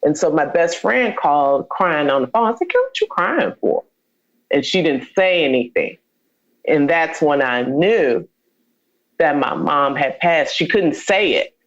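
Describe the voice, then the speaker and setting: A woman's voice: low-pitched, lively intonation, a little slow, muffled recording. Woman, interview guest, personal storytelling, heartfelt, quoted dialogue acted out.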